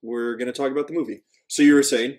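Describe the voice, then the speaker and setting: A man's voice: medium pitch, fairly even intonation, fast talker, darkish tone. A man co-hosting a live movie podcast in casual chat, loose and rambling, often laughing at himself. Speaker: podcast co-host.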